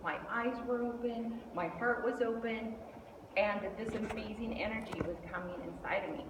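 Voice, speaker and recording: A middle-aged woman giving a lively storytelling speech, acting out the voices of the people in her story. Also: fairly high pitch, normal speed, far from the mic, noisy background. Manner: animated, acts out quoted voices. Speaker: speaker at a speech club. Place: meeting hall indoors. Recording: echoey hall, mic from afar.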